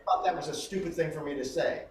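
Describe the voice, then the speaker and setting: A man's voice: on the high side, fast talker, a crowd in the background. A middle-aged man, an acting coach, explaining technique in an interview and animatedly acting out exchanges. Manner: animated, acts out quoted exchanges. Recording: echoey room, voice far from mic.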